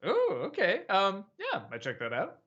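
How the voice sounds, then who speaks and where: A man chats casually on a live stream, his bright voice rising and falling a lot as he hesitates, restarts and laughs. The audio is a little dull and lo-fi. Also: high-pitched, wildly swooping pitch, moderate pace. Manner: hesitant, many fillers and restarts, laughs easily. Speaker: host of a live-streamed chat show. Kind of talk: casual live-stream chat answering viewers.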